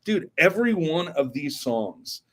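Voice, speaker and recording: A man's voice: on the high side, very animated, measured pace, fairly bright tone. Enthusiastic man on a podcast. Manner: enthusiastic, sings snatches of songs. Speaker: podcast co-host. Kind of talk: casual podcast chat.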